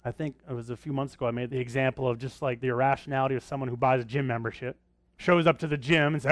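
A man's voice: medium pitch, fairly even intonation, very fast, dry recording. A man preaching a sermon in a conversational way, often asking his listeners rhetorical questions. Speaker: pastor.

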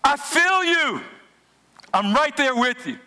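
A man preaching a sermon as pastor, in an animated, humorous, conversational way. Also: very high voice, slow.

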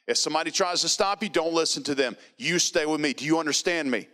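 A man voicing a stern, calm male Marine who gives clipped, insistent orders. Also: on the high side, fast talker, pitched above the performer's own voice. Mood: commanding.

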